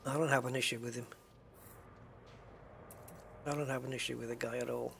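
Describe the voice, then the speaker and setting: A man's voice: medium pitch, flat delivery, brisk, vocal fry, a bit bright, slight background noise. A middle-aged man streaming a game, chatting casually with viewers, rambling and chuckling as he goes. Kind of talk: casual live-stream chat while playing.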